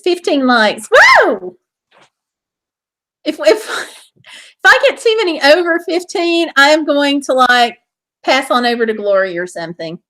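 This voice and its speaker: Bubbly and talkative, a woman hosting a casual stream reads viewer comments out loud, punctuated by exclamations and laughter. Her voice sits high with a fairly bright tone.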